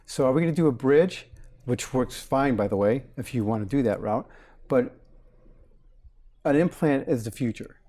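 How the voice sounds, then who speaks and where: A man in his forties speaks as a dentist guest in a casual interview, with a warm, mellow tone. He explains things plainly and slips into little acted-out quotes of patients and staff, like an animated storyteller. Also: mid-range voice, moderate pace, long pauses.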